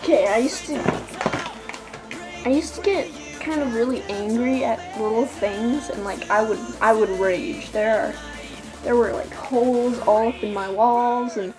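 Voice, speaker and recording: A woman's voice: fairly high pitch, a little slow, over music, poor audio. A woman vlogging casually, rambling in a giddy, scattered way. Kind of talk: casual rambling vlog talk. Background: song playing in the background.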